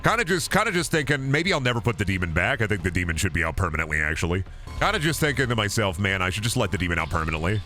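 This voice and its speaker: A man's voice: lowish voice, big pitch swings, racing, bright, forceful tone, soft background music. A man streaming a game, rambling and joking crudely with lots of swearing. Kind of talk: casual gaming stream chatter.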